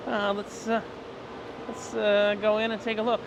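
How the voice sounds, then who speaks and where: A man chatting excitedly in a casual travel vlog, rambling with fillers as he explores roadside stops. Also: high-pitched, moderate pace, vocal fry, noisy background. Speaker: travel vlogger. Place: roadside stores and outdoors.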